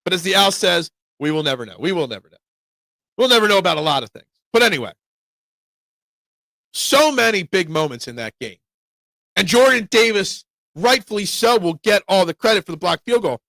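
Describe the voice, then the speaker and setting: A man hosts a live sports talk show, giving opinionated, excitable fan takes and answering chat. His voice is high-pitched and gravelly at a normal speed, recorded with no echo.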